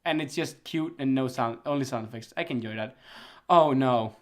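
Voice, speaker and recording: A man's voice: medium pitch, normal speed. A young man co-hosting a casual anime chart chat, ranting with frequent laughter. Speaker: anime season chart co-host.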